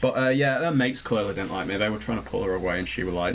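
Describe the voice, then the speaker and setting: A young man, co-hosting a podcast and telling stories in casual chat, animated and swearing often. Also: lowish voice, quick pace, a little hiss or hum. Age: young adult. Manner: animated storytelling, swears a lot. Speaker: podcast co-host.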